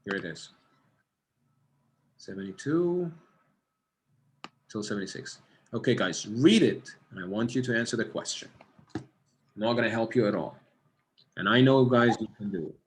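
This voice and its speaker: A man's voice: fairly low pitch, expressive, moderate pace, long pauses. A man with an Egyptian accent teaching an online test-prep class, encouraging and reading out students' answers. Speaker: SAT tutor.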